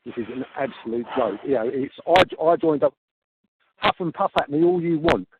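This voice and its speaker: A man making a heated complaint on a phone call, halting and repeating himself in exasperation. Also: on the high side, lively intonation. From Australia. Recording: tinny phone-call recording with hiss.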